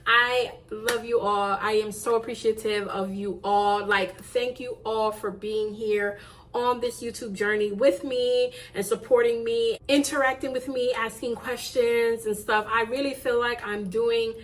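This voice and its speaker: A woman vlogger talks straight to the camera in a casual, gushing way, piling up thanks and repeating herself. Her voice sits a little on the high side. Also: steady tone, unhurried. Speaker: YouTube channel host. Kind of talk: casual vlog chat to camera.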